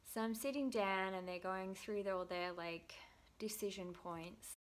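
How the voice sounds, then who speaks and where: A woman's voice: mid-range voice, a little slow. Self-mocking woman telling stories. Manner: self-deprecating storytelling, lively, acts out quotes. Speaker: vlogger. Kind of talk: casual chat to camera.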